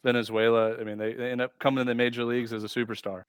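A man with a medium-pitched voice co-hosts a casual podcast. He cuts in with playful, teasing remarks and easy agreement. The sound is dry and close to the mic. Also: little pitch movement, rapid-fire, clean tone, dry recording. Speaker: podcast co-host. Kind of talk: casual chat.

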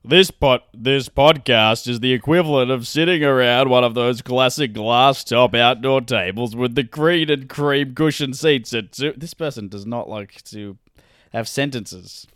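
A man putting on a deep, booming voice to read a listener review aloud. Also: measured pace, a bit bright, clear, resonant tone, dry recording, clean studio sound, lightly acted. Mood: mock grand.

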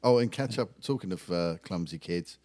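A man's voice: sits low, lively intonation, normal speed, mellow, no echo. A man co-hosting a podcast in casual chat, dry and teasing, explaining slang for listeners. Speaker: podcast co-host.

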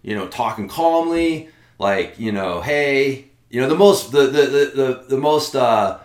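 A man's voice: medium pitch, a little slow, roomy sound. A man casually telling a story with lots of swearing and fillers. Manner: profane, animated, lots of fillers.

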